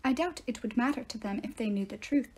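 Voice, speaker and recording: A stern young huntress, as a woman reading aloud puts her on, speaking in formal, old-fashioned phrasing. Her voice is hushed and mellow, with a bitter edge that stays. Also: fairly high pitch, fast, close to an everyday voice. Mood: grim.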